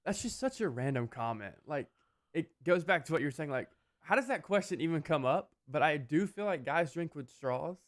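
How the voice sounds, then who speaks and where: A man's voice: a little high, animated, normal speed. A young man back from college, joining a radio show as guest co-host and musing casually. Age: young adult.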